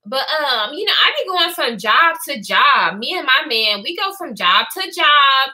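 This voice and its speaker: Lady mimicking a touchy young coworker girl, halting and guarded, drags her words. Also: sits high, sing-song, bright, forceful tone, exaggerated voice. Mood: defensive. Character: defensive young woman coworker.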